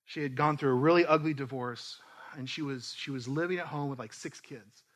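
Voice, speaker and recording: A pastor telling a personal story in a conversational, animated sermon, often restarting his sentences. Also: medium pitch, fairly quick. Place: church.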